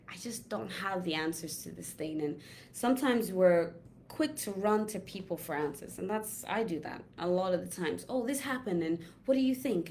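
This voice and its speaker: Gentle, reflective woman coach, lowish voice. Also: slight background noise. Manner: gentle, reflective, drawn-out pauses. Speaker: holistic health coach. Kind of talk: casual inspirational talk.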